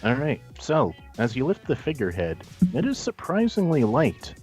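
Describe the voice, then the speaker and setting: A man narrating a tabletop game as game master in a measured, descriptive way. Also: mid-range voice, wildly swooping pitch, a little mellow, soft background music.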